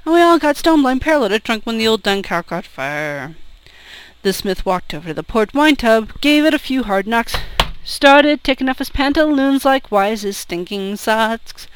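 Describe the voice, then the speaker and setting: A woman's voice: a little high, animated, moderate pace, poor audio. A woman singing a comic folk drinking song with a rowdy storytelling delivery, speaking out the lines of the characters.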